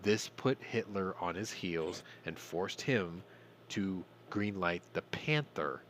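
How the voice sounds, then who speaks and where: A man hosts a casual news rundown in a low voice that swings up and down with plenty of animation. He rants, swears and throws in irreverent asides. A faint hiss of noise sits under the recording. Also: expressive, slow pace, a bit bright. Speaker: podcast host.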